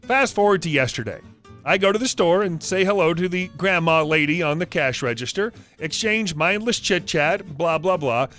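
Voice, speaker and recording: A man's voice: on the high side, animated, moderate pace. A man reading online stories aloud, with chatty asides between them. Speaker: story narrator. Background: soft guitar music.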